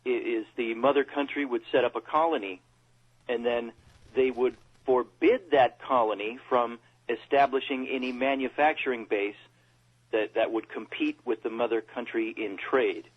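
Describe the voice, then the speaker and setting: Husky man on lo-fi radio. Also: medium pitch, steady tone. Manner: reads quotes aloud, pauses and repeats words. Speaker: co-host. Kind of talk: casual talk radio discussion. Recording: dull lo-fi radio audio.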